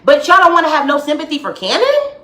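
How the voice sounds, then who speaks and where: A woman ranting heatedly and emphatically to her viewers on a live stream from home, her voice swinging widely in pitch. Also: huge pitch swings, fast, pushed and bright, roomy sound. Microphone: phone or webcam live stream.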